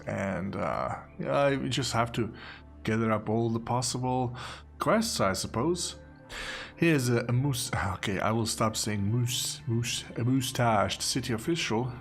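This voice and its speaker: A man hosts a let's play, talking casually and with amusement while he plays. His voice is mid-pitched and relaxed in its rambling. Faint game music runs under his talk. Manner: chatty, amused, rambling with fillers. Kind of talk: casual gameplay commentary.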